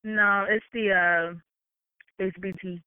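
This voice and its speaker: A woman joking and teasing in a casual chat, with quick reactions. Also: medium pitch, little pitch movement, clean tone, dry recording. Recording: tinny phone-like line, dry.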